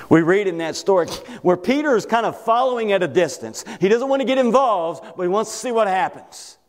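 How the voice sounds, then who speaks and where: A man with a Kentucky accent delivers a sermon, hammering points home by repeating phrases. His voice sits high and leaps around in pitch. The sound carries a long hall reverb. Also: lively intonation, brisk. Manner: emphatic, repeats phrases for weight. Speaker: preacher.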